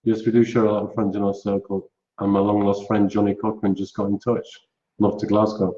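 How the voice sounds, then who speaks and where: A man's voice: fairly low pitch, little pitch movement, fairly quick, mellow. Male co-host, dry teasing banter, echoey room, lo-fi. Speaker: co-host reading viewer feedback. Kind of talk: casual banter. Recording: roomy, dull lo-fi audio.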